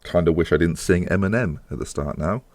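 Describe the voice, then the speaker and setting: A young man commentating on his own game, animated and swearing as he pleads with the screen. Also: low-pitched, fairly quick, no echo. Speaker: gaming YouTuber. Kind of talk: gameplay commentary.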